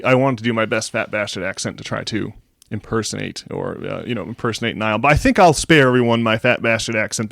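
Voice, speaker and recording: A man around forty co-hosting a podcast. He rambles and restarts when chatting, then reads an essay aloud slowly and with emphasis. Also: mid-range voice, dry recording, clean studio sound. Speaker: podcast co-host. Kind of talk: casual podcast chat and essay reading aloud.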